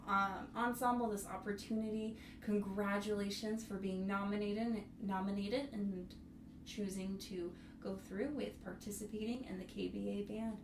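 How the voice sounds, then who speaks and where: Encouraging woman music teacher, roomy sound. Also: mid-range voice. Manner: sings rhythms on syllables to demonstrate; encouraging, speaks to young students. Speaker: bassoon instructor. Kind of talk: music tutorial. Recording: roomy, mic at a distance, faint noise.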